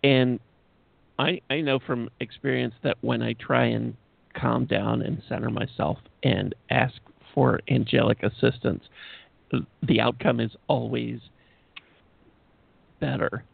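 A man's voice: mid-range voice, fairly even intonation, slow, creaky, pauses often, dry recording. A man hosting a radio talk show, speaking hesitantly and repeating his words. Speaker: radio show host, medium. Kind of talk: casual talk radio chat. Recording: dry, tinny phone-line audio.

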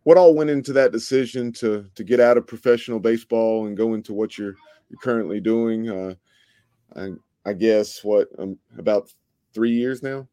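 A male podcast host asks his guest questions in a relaxed, conversational way. His voice is mellow and smooth. It sounds close and dry, with no room echo. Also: fairly low pitch, moderate pace. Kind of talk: interviewing a guest.

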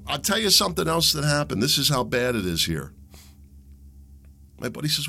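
A middle-aged man, hosting a solo show and ranting in a heated, combative way that climbs into shouts. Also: a little high, sing-song, normal speed, gravelly. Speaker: podcast host. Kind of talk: opinionated solo monologue.

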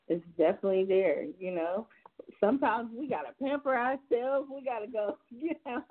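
A woman host chats easily with a guest and opens the phone lines. Her voice sits at a middle pitch. Her talk is loose and full of fillers, and the sound is thin and phone-like. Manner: chatty, leans on "you know" fillers. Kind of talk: casual chat with a guest and callers. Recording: tinny phone-like line.

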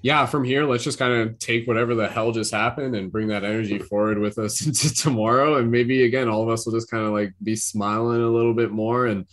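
A man's voice: medium pitch, steady tone, fairly quick, hardly any pauses. A man hosting a casual group video call, talking in a laid-back way with lots of "like" and "kinda". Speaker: host.

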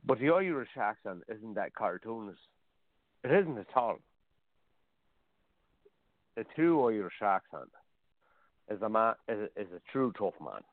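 A man's voice: lowish voice, very animated, a little slow, pauses often, no echo. A man chatting bluntly and rambling on a call-in radio show, heard over a phone-line connection. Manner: blunt, rambling, repeats himself. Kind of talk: casual chat.

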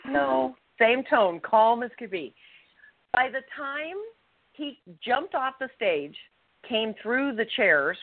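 A woman co-hosting a podcast, telling a personal story with animated, acted-out quotes. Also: mid-range voice, no room sound. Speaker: podcast co-host. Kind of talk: casual storytelling. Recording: tinny phone-line sound, dry.

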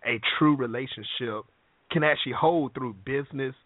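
A man's voice: mid-range voice, moderate pace, no room sound. Easygoing male host, tinny line. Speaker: show host. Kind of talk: casual interview. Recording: tinny phone line, dry.

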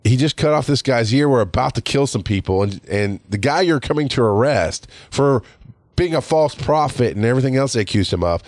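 A man's voice: mid-range voice, expressive, brisk, darkish tone, no room sound, studio quality. A man hosting his own podcast, telling a story in heated, profane monologue and putting on other people's voices. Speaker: podcast host. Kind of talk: casual monologue.

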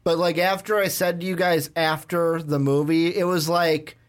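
A man's voice: fairly high pitch, little pitch movement, moderate pace. A man co-hosting a casual movie review podcast, rambling with lots of "like" and acting out scenes as he retells them. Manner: rambling, peppered with "like". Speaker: podcast co-host.

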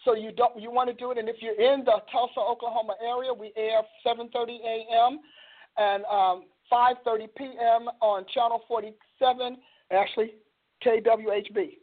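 A woman hosting a religious talk show, speaking with an animated, preacher-like cadence. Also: fairly high pitch, moderate pace. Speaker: host. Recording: phone-like band-limited audio.

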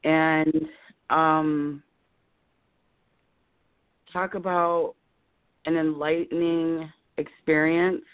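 A woman's voice: low voice, level tone, drawn-out words, pauses often, clear, resonant tone, no echo. A woman in her fifties calling in to a live show, talking in emotional, rambling bursts and holding back tears. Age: 50s. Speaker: caller. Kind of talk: caller on a live call-in show. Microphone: telephone. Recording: tinny phone line.

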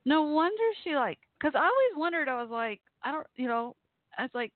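A talk show host chatting casually on an online radio show, reacting excitedly with gasps and exclamations. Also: sits high, a little fast, no room sound. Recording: dry, phone-like line.

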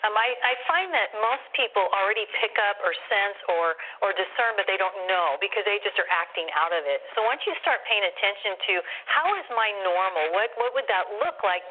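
A middle-aged woman, a guest speaker, telling stories with lively acted-out dialogue in an interview. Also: medium pitch. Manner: acts out quoted dialogue in her stories. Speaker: guest speaker on spiritual discernment. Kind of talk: animated storytelling in an interview. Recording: tinny phone-like line with faint hiss.

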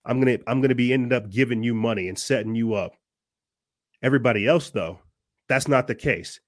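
A man of average pitch, hosting his own podcast and ranting in an earnest, preachy way as he builds to fiery peaks. His voice sounds dry and close, with no room sound. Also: brisk, dry recording. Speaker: podcast host. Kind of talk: impassioned monologue.

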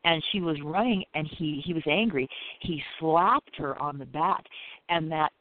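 A man's voice: on the high side, normal speed, slight background noise. A man who practices Reiki, chatting casually in a rambling way, full of "you know" and "it's like". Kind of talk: casual chat. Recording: tinny phone line, dry.

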